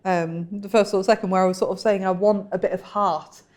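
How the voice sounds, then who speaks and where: A woman's voice: mid-range voice, fairly even intonation, fairly quick, a little mellow. A young British woman co-hosting a podcast, talking in an enthusiastic, chatty way. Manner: chatty and enthusiastic, many restarts. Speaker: podcast co-host. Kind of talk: casual chat.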